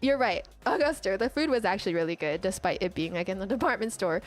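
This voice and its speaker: A young woman streamer chatting casually, telling an animated story full of "like" and restarts. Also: mid-range voice, quick pace. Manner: animated storytelling, heavy use of "like". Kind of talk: casual chat.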